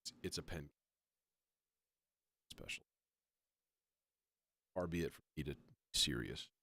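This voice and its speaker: Low-voiced man rambling casually on a livestream. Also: sing-song, measured pace, gravelly, pushed and bright, breathy edge, no echo, studio quality. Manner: rambling, self-mocking, swears often. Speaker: livestream host building a modular synth. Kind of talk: casual livestream chat while working.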